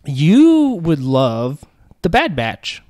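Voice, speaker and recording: A man's voice: a little high, huge pitch swings, very slow, darkish tone, dry recording. Guy cohosting a podcast, rambly, laughs a lot, knocks himself, dry close mic. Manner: rambling and self-deprecating, laughs often. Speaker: podcast co-host. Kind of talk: casual chat.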